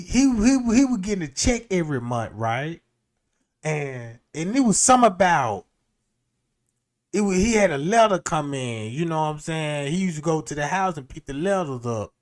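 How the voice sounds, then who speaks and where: Man streamer, high voice, casual profane storytelling, loose and rambling. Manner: rambling, profane, laughs often.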